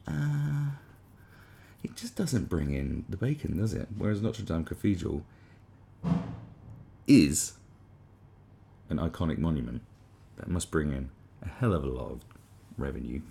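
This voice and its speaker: A man with a deep, gravelly voice riffs through a sarcastic comedy monologue. His pitch swings widely as he mocks, and he often restarts his sentences mid-thought. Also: dark tone, a little hiss or hum. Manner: sarcastic, rambling, with frequent restarts. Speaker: commentary host.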